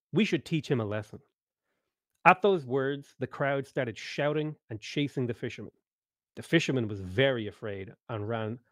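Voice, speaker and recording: A man narrating a tabletop game story over an online voice call, reading steadily and now and then clearing his throat. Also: medium pitch, dry recording.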